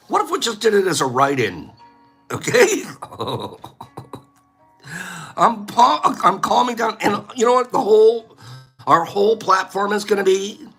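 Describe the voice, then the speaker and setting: A man chats casually on his own livestream, rambling from one joking rant to the next. His voice is bright and slightly husky, and his pitch swings all over the place. Faint music plays behind him. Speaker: livestream host giving away plates.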